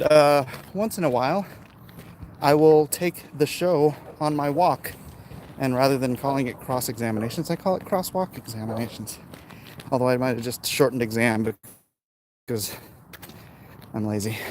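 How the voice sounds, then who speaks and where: A man's voice: mid-range voice, unhurried, pauses often, darkish tone. A man hosting a casual livestream while walking outdoors, reading viewer comments aloud and chatting back, winded from the uphill climb. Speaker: livestream host. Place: outdoors on a city street. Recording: outdoor street noise behind.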